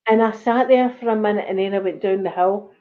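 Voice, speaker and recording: Scottish woman telling a lively story. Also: medium pitch, fast talker. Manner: animated storyteller, acts out quoted voices. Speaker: channel host. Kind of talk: casual storytelling chat. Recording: slightly dull lo-fi recording.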